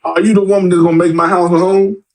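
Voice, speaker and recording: A man with a fairly high voice, a guest on a podcast, talks bluntly and with plenty of swearing in casual chat. He tells his stories with energy and acts out the other people's voices. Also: fast. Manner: blunt, profane, animated storytelling.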